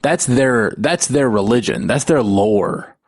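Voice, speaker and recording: A man's voice: mid-range voice, lively intonation, takes it slowly, no room sound, clean studio sound. A man co-hosting a podcast in casual chat, thoughtful and repeating words as he searches for them. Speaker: podcast co-host.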